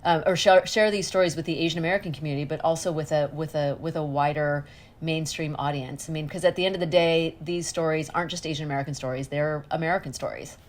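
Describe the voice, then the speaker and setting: A middle-aged woman with a slightly low-pitched voice talks as a podcast guest. She is earnest and reflective, and she circles back and restarts as she works out her thoughts. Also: steady tone, fast talker, slight background noise. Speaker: guest journalist. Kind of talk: casual podcast conversation.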